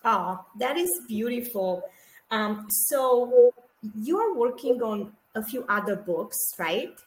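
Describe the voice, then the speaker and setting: A woman co-hosting an interview, responding to her guest in an affirming, measured way. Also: on the high side, lively intonation, echoey room, rough recording. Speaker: podcast co-host. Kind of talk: interview chat.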